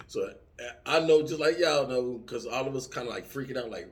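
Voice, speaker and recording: A middle-aged man talking casually, telling lively stories with profanity and acting out yelling soldiers. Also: medium pitch, fairly quick. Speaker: vlogger answering subscriber comments. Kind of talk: casual chat.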